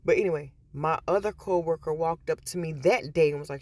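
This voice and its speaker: Briskly and in a low, darkish voice, a woman vlogger talks to her viewers from a store, with no room sound. She's chatty, repeats words, and retells stories using quoted voices.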